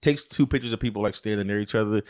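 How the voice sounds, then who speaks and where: A man's voice: lowish voice, racing. A man co-hosting a comedy podcast, chatting casually and joking with a laugh. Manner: laughs often, jokey. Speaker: podcast co-host. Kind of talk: casual chat.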